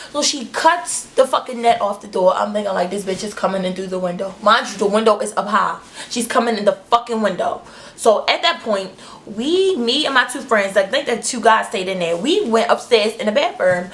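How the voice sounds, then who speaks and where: A young woman telling a storytime vlog, animated and profane, acting out quotes in high shrieks. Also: moderate pace. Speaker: vlogger.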